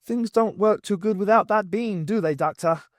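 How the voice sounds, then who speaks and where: A man's voice: sits high, normal speed, no echo, studio quality, voice pushed up, natural voice. A man voicing a plucky, wry young woman. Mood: curious. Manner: quizzical, teasing questions in a raised voice. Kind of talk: audiobook character voice.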